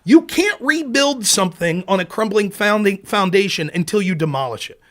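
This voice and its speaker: Man, high voice, forceful and bright, sarcastic angry political rant, swearing freely. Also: expressive, moderate pace. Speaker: political commentary host. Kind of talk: ranting political commentary.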